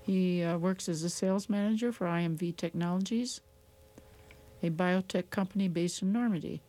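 A woman co-hosts a community radio show and reads the announcements steadily. Her voice is fairly low and mellow, and she delivers the listings plainly, without fuss. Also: moderate pace. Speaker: radio co-host. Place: radio studio.

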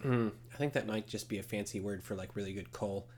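A man's voice: lowish voice, fast talker, a little mellow, slight background noise. A young man co-hosting a casual movie podcast, who retells scenes with animation and acts them out. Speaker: podcast co-host. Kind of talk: casual movie review chat.

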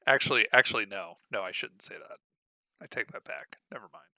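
A young man co-hosting a casual podcast, rambling and halting, restarting his sentences. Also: fairly low pitch, pushed and bright, no room sound. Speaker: podcast co-host.

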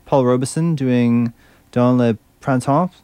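A man's voice: mid-range voice, unhurried, warm tone, smooth, dry recording. A male radio host chatting casually between songs, enthusiastic and fumbling a little over French words.

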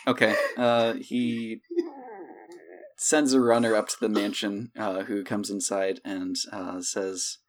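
A man's voice: fairly low pitch, little pitch movement, slow pace. Laid-back man running a tabletop game. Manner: loose, filler-heavy narration. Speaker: game master.

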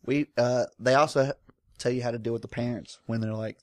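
A man, a podcast guest chatting easygoing and halting. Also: medium pitch, fairly even intonation, darkish tone, no room sound, studio quality. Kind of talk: casual podcast chat.

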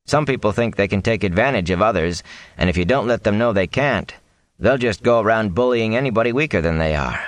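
A man's voice: fairly low pitch, animated, brisk, dry recording, voice pushed up, close to an everyday voice. Earnest young villager, read by a man, storybook, hesitant, stubborn.

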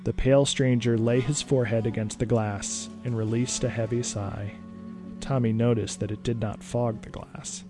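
A man narrating a scripted spooky story in a brisk, steady way. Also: mid-range voice, faint music behind.

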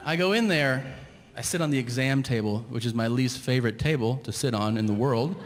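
A man's voice: medium pitch, brisk, background noise. A middle-aged man telling a stand-up comedy story, ranting and acting out both sides of the dialogue. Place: large theater stage. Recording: live venue reverb with crowd. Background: audience laughter.

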